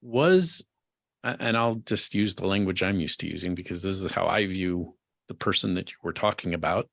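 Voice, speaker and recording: A man hosting a podcast interview, speaking in a gentle, supportive and measured way. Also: deep voice, creaky, no echo, clean studio sound. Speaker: podcast host. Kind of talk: interview conversation.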